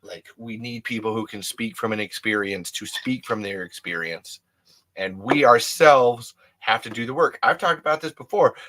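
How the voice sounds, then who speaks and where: A man's voice: medium pitch, normal speed, fairly bright tone. Male podcast host with a middle-range voice, talking solo and off the cuff, candid and prone to restarts. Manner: rambling, candid, restarts a lot. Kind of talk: casual solo monologue.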